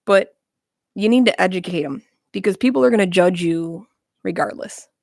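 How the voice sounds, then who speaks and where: Blunt, gravelly-voiced woman talking frankly. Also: lowish voice, normal speed, a little mellow, dry recording, studio quality. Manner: blunt, frank, self-mocking. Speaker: guest. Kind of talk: casual interview chat. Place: small dry studio.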